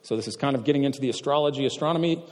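A man's voice: mid-range voice, long reverb tail. A man giving a classroom lecture, quizzing the audience as he goes. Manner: asks the audience questions, halting with fillers and restarts.

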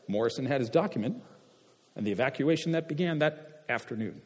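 A man's voice: mid-range voice, lively intonation, a little mellow, breathy edge, big-room sound. A man giving a classroom lecture, quizzing the audience as he goes. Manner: asks the audience questions, halting with fillers and restarts.

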